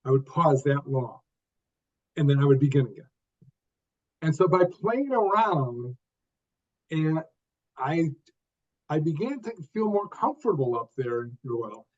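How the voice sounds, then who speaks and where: Older man pausing between short phrases. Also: on the high side, big pitch swings. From United States. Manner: speaks in short phrases with pauses and repeated starts. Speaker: interview guest. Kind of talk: conversational storytelling. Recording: dull lo-fi sound.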